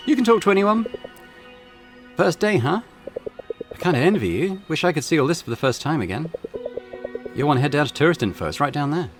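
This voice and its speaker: A man's voice: on the high side, very animated, brisk, pauses often, music in the background, voice pushed up. A man voicing a friendly, chatty villager in a game.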